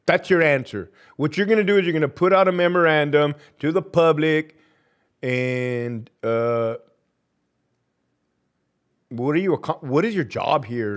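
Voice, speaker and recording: A man's voice: on the high side, unhurried, pauses often. Fiery, profane man with a raised voice. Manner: profane, heated, ranting; drops Spanish slang into English. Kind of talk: livestream rant reading viewer comments.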